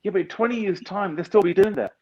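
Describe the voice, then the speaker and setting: A man speaks in a husky, slightly breathy voice, pushing each point hard and cursing without a second thought. He sounds like a business founder fired up as a guest, and the dull lo-fi recording takes the top off his voice. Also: high-pitched, fast. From United Kingdom. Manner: emphatic, blunt, swears freely. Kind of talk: motivational interview talk.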